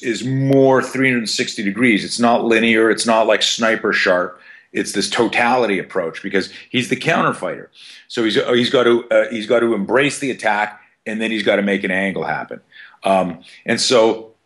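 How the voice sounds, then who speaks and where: A man's voice: lowish voice, a bit bright. A man in his fifties, a self-defense coach guesting on a podcast, telling stories in a rambling, profane way full of fillers. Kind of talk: casual storytelling interview.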